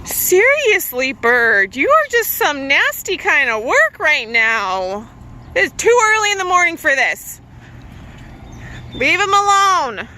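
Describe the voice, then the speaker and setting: A woman's voice: high-pitched, very animated, slow pace, bright, forceful tone, slight background noise. A woman dog trainer recording a casual vlog outdoors in a park, calling short commands and praise to her dog.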